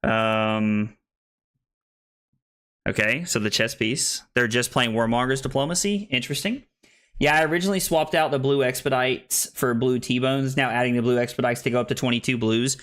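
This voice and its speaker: A man's voice: mid-range voice, steady tone, moderate pace, fairly bright tone. A young American man casually commenting on his card game stream, thinking aloud with many restarts. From United States.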